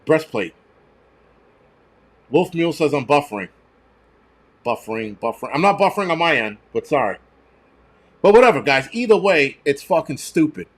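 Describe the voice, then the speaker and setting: A man's voice: on the high side, sing-song, normal speed, pauses often. A man, ranting and swearing loosely on a casual livestream. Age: 40s. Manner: profane, ranting, mocking. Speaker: livestream host.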